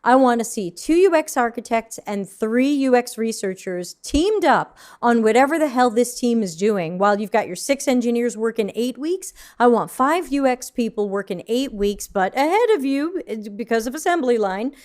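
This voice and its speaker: Fiery, blunt woman with a high voice. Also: expressive, moderate pace, few pauses, darkish tone. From New York. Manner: blunt, fiery, swears freely. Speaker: UX consultant, co-host. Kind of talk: casual panel chat.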